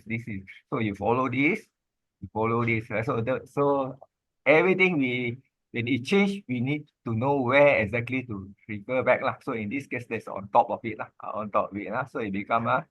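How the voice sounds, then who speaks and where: A man, teaching Pali grammar in an informal lesson, halting and repeating himself, with many "ah" and "lah" fillers. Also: mid-range voice, no room sound, muffled recording.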